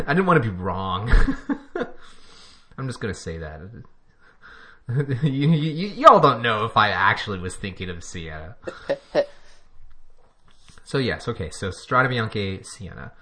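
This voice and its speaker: A man's voice: fairly low pitch, big pitch swings, takes it slowly, pauses often, sharp tone. A man co-hosting a podcast in casual chat, rambling and chuckling as he talks. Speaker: podcast co-host.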